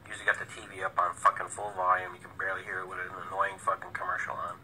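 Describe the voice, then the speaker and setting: A man's voice: sits low, completely flat delivery, very fast, sharp tone, a little hiss or hum, poor audio. A man talking agitatedly into his phone on a live stream at home, rambling and swearing. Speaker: vlogger and self-styled presidential candidate. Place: indoors at home.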